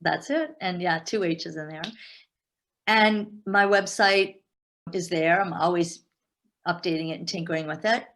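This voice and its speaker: A middle-aged woman talking as an interview guest and business coach, animated and emphatic, often repeating words as she restarts. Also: on the low side, measured pace. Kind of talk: casual interview talk.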